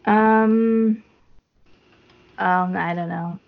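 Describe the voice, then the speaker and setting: A woman's voice: medium pitch, steady tone, drawn-out words, creaky, phone-quality sound, soft background music. A woman co-hosting a podcast in casual chat, chatty, often trailing off and restarting. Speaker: podcast co-host.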